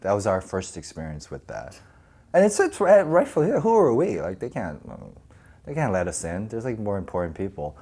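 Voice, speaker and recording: A man in his forties telling stories casually in a podcast interview, animated and laughing often as he acts out quoted voices. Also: lowish voice, brisk, breathy edge. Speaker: actor and podcast host.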